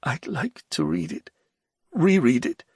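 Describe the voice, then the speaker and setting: A man's voice: mid-range voice, wildly swooping pitch, unhurried, a little mellow, slightly rough, no echo, studio quality, voice pushed up, heavily acted. A man voicing a frightened, embittered court poet who speaks in an anxious, quavering way. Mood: anxious, gloomy.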